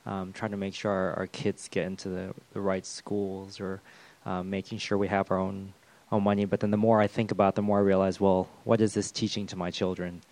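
A man preaching a sermon, talking in a halting way with lots of fillers and restarts. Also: low-pitched, little pitch movement, a little mellow. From the West. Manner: hesitant, with many fillers and restarts.

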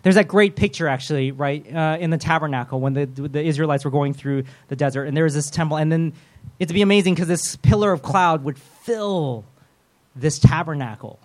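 A man preaching a sermon in a casual, animated way, acting out prayers and quotes in shifting voices with humorous asides. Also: a little high, a little fast.

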